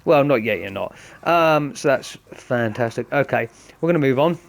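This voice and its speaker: A man hosts a game session, talking viewers through every move in a chatty, explanatory way. His voice sits at a medium pitch, and he speaks directly to the audience. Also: lively intonation, moderate pace, vocal fry. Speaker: gaming host. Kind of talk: casual let's-play commentary.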